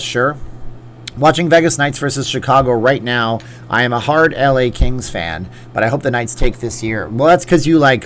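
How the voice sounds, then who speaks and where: A man in his forties hosts a live chat Q&A in front of a green screen, picking up viewer comments and answering them off the cuff. His voice sits at an ordinary middle pitch and his talk stays loose and chatty. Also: slight background noise. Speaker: livestream host. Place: indoor green screen setup.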